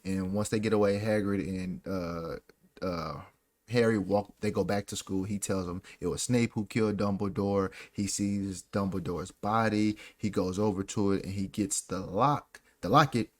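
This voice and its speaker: A man's voice: lowish voice, steady tone, normal speed. Slangy, ranting young man. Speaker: podcast co-host. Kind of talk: casual chat and ranting commentary.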